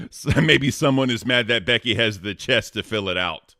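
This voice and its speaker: A man co-hosting a casual live stream, reading out tips and messages in an animated, cussing way. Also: mid-range voice, normal speed, no echo, studio quality. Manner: animated, cusses, calls out names and tips. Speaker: co-host reading donations.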